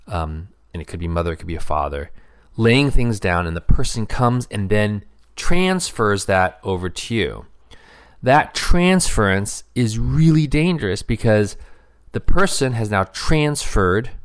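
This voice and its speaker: A middle-aged man speaking earnestly about marriage, thinking aloud with fillers and pauses. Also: lowish voice. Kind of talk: reflective personal talk.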